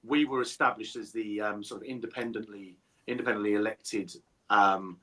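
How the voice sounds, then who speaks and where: A man being interviewed as a supporters trust chairman, measured and repeating words as he thinks. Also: on the low side, fairly even intonation, pushed and bright. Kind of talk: casual interview answers.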